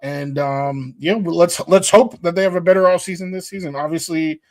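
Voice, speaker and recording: A man's voice: on the high side, a little fast, dry recording. A man co-hosting a casual sports talk show, laid-back and slangy. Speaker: podcast co-host.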